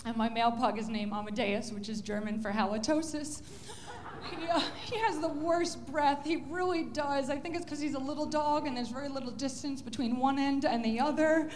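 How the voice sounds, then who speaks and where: A woman's voice: high-pitched, moderate pace, noisy background. A woman stand-up comedian telling pet jokes in a chatty, self-interrupting way, often laughing.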